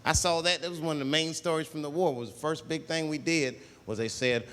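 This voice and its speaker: A man performing a stand-up comedy routine on stage, talking in an animated way and jumping into loud put-on voices. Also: fairly high pitch, a little fast, few pauses, a little hiss or hum. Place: stage in a large hall. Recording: live hall recording, faint ambience.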